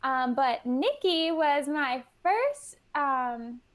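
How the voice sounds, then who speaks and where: A woman's voice: high voice, big pitch swings, very slow. A woman guest in casual interview chat, bubbly and full of "like", acting out what she and others said. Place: New York.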